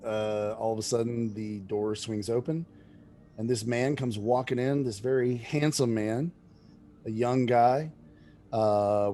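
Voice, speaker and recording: A man narrating as game master of a tabletop game, relaxed, with many fillers. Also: medium pitch.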